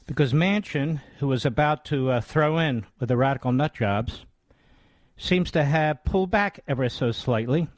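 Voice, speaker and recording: Man, 60s, radio host, combative commentary, mid-pitched, dry close sound. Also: moderate pace, no room sound. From United States. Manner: combative, scornful, emphatic.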